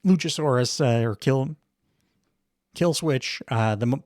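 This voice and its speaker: Male podcast host, middle-aged, mid-pitched, wry and chuckling, dry close sound. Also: measured pace, long pauses, darkish tone, no echo. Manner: rambling, wry, chuckles often, many fillers. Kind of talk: casual solo wrestling recap.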